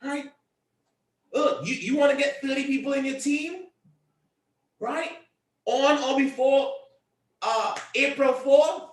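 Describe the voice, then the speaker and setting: High-voiced man giving a loud, repetitive pep talk. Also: unhurried, long pauses, roomy sound, recorded from a distance. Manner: emphatic and repetitive, often raising his voice. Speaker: team leader addressing a convention call.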